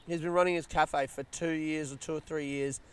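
A young Australian man hosting a casual solo podcast outdoors, rambling through stories in a chatty, rushed way. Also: a little high, fairly even intonation, clean tone. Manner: rambling, chatty, retelling stories with quoted voices. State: yawning, a bit rushed. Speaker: podcast host. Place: outdoors in a smoking area by a housing estate.

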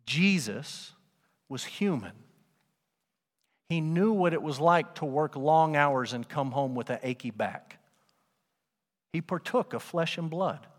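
A man delivers a sermon to his congregation in a conversational way, asking rhetorical questions as he goes. His voice sits on the higher side for a man, and it rings out with a long reverb that fills the church sanctuary. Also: animated, slow pace, pauses often. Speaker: pastor.

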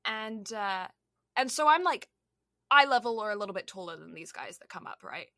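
A woman's voice: medium pitch, animated, moderate pace, sharp tone, no room sound, studio quality. A young Canadian woman co-hosting a podcast, chatting casually and rambling with lots of "like" and "um". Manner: rambling, heavy on "like" and "um". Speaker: podcast co-host. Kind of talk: casual chat.

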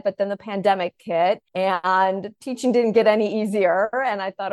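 A woman author and teacher from the Chicago area, a guest on a podcast, telling her story in an animated, enthusiastic way. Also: medium pitch, normal speed, hardly any pauses, no room sound, studio quality. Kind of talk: conversational interview.

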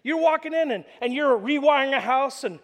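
High-voiced preacher in a reverberant hall. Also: male voice, fairly quick. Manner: animated storytelling, acts out voices. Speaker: pastor. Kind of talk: sermon. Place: church hall. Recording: long reverb of a large hall.

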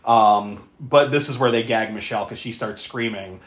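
A podcast co-host recapping a horror movie in casual chat, animated and profane, often laughing. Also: moderate pace. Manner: animated, profane, laughing, with sudden pitch jumps. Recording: roomy echo.

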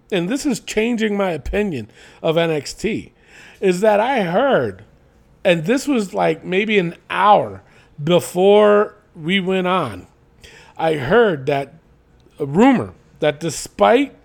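A man with a high-pitched, creaky voice co-hosts a casual wrestling podcast. He's animated and profane, ranting and cursing as he talks.

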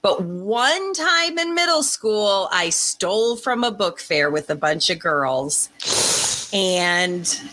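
Bright-voiced, lively woman in her forties. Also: mid-range voice, slow pace. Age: 40s. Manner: animated storyteller, laughs often. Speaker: podcast co-host. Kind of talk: casual chat.

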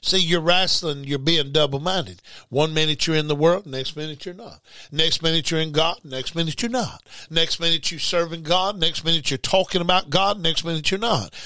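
Man preaching, high bright voice, dry close sound, emphatic repetition. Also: normal speed, no room sound. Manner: emphatic, repeats words, reads scripture aloud. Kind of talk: sermon.

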